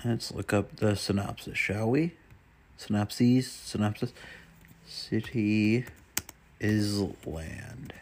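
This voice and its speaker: Guy with a low gravelly voice muttering and cussing at his computer, super casual. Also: fairly even intonation, unhurried, slight background noise. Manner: rambling, swears often, mutters to himself. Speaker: vlogger. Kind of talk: casual solo chat while browsing.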